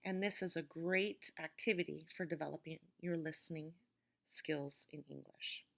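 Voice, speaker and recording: A woman teaching an English vocabulary lesson, speaking words slowly and clearly to explain word stress. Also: low-pitched, fairly even intonation, fairly bright tone.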